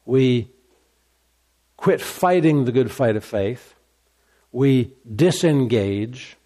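A man preaching a sermon, emphatic and repetitive, his voice rising high when he gets excited. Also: extremely slow. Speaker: pastor.

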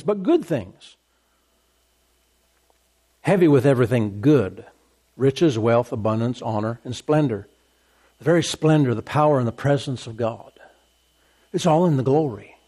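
A man preaching a sermon as pastor, emphatic and repetitive, with deliberate bursts of laughter. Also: mid-range voice, animated, dark tone, breathy edge.

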